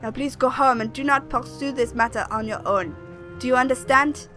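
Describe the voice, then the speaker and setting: A woman voicing a calm, formal male town captain who speaks in a measured way. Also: high-pitched, soft background music.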